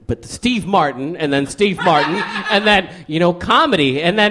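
A man's voice: high voice, normal speed, few pauses, bright, forceful tone, slight background noise. A man who is a comedian guest on a casual podcast, rambling through jokey stories and laughing mid-sentence.

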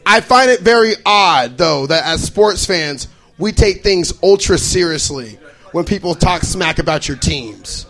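A young man from Idaho works through a stand-up comedy set with a fairly high voice. He keeps bouncing into exaggerated character voices for the people in his stories, then drops back into his own plain delivery. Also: animated, a little slow, a bit bright, rough recording. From Boise, Idaho.

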